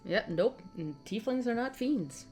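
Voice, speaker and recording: A woman's voice: on the high side, lively intonation, unhurried, a little mellow, slightly rough, faint music behind. A woman narrating a tabletop game as game master, in a loose, chatty way full of fillers.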